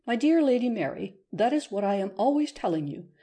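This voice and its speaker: Woman reader doing condescending superior lady, lofty, mellow husky voice. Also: a little high, very animated, brisk, heavily acted. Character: superior, self-important lady of the assembly.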